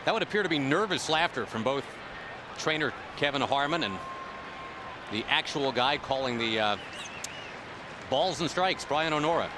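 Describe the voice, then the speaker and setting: A man's voice: a little high, lively intonation, moderate pace, pauses often. A man doing play-by-play commentary on a baseball broadcast, joking and chatty between plays. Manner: joking, conversational. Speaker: play-by-play announcer. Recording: loud crowd and noise behind. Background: ballpark crowd.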